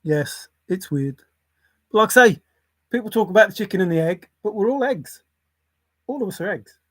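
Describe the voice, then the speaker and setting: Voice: medium pitch, animated, normal speed, no echo. An older grandparent hosting a casual livestream, rambling irreverently and swearing offhand as they react to chat. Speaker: livestream host reading chat.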